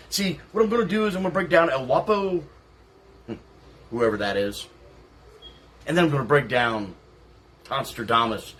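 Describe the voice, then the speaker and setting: A man acting as a salty veteran wrestler cutting a trash-talk promo, brash and contemptuous. His voice is husky and breathy, and he swears freely as he taunts his rivals. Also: medium pitch.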